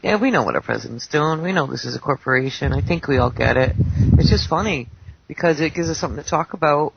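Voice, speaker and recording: A woman chatting casually on an online radio show, quick to laugh and apologize. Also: sits low, expressive, gravelly, very noisy. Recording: dull lo-fi internet radio audio.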